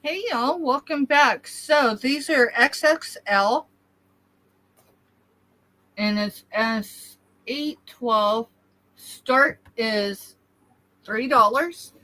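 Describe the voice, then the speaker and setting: A woman's voice: fairly high pitch, drawn-out words, pauses often, bright, forceful tone, low-quality recording. A woman describing items for sale on a live stream in an easygoing, casual way.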